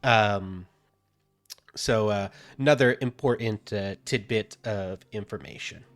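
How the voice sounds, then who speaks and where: A man running a tabletop game as game master, talking in a halting way with many fillers as he narrates scenes to his players. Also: lowish voice, a bit bright, faint music behind. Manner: halting, many fillers while reading out descriptions.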